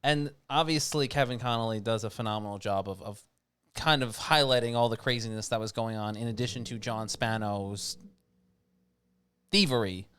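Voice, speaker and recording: A man's voice: medium pitch, moderate pace, a bit bright, smooth, no room sound. A man co-hosting a casual sports podcast, rambling and self-correcting with an amused tone. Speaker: podcast co-host.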